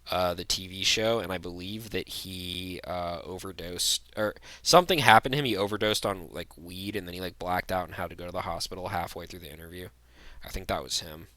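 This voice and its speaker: A man's voice: sits low, brisk, bright, forceful tone, no echo. A young man giving blunt, rambling tier-list commentary, full of fillers and restarts. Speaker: vlogger.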